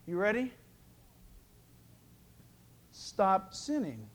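A middle-aged male pastor with a very high voice preaches at a moderate pace. He's lively and jokey, acting out little voices throughout the sermon.

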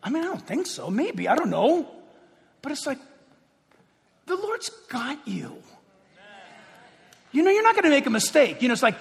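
A man preaching a sermon in an animated way, firing rhetorical questions at the congregation in a church. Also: extremely high pitch, normal speed, gravelly, long pauses. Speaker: pastor. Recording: long reverb of a large hall.

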